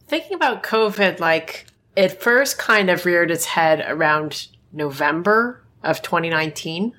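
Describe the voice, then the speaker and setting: A woman co-hosting a podcast in casual chat, reflective and quick to laugh. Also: on the low side, lively intonation, a bit bright. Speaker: podcast co-host.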